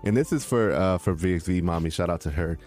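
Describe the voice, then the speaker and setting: A man co-hosting a casual crypto talk show, talking in an animated, preachy way and acting out quotes in a raised voice. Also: deep voice, fast, soft background music. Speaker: crypto podcast co-host. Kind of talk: casual chat.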